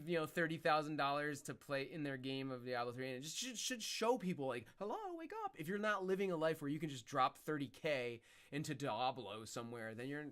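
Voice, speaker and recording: A man of mid pitch talks casually to his live-stream viewers. He rambles and muses as he goes. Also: fairly bright tone, clean tone. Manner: rambling, musing, talks to chat.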